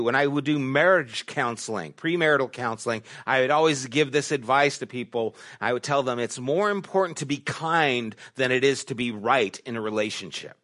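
A middle-aged man, a pastor, preaching a sermon and telling stories, dropping to hushed asides and rising to emphatic questions. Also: medium pitch, normal speed, hardly any pauses. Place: church sanctuary.

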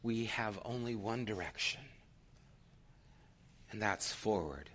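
A middle-aged male pastor delivering a sermon, swinging between loud passionate urging and hushed near-whispers. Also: on the low side, animated, slow.

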